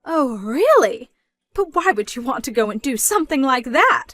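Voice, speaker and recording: A woman's voice: sits high, big pitch swings, brisk, pushed and bright, no echo, soft background music, full character voice. A woman voicing a controlling, scornful middle-aged mother, nagging and incredulous in a scripted story dub.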